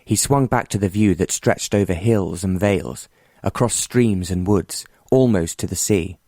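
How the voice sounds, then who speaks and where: A male audiobook narrator telling a period romance in an even, measured manner. His voice is low-pitched, and the recording is dry and close with no room sound. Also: no room sound.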